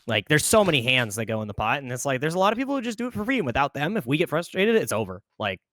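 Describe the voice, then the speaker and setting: A man's voice: mid-range voice, sing-song, very fast, fairly bright tone, dry recording. A man on a casual panel stream, arguing emphatically and running his sentences together. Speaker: guest on a community stream.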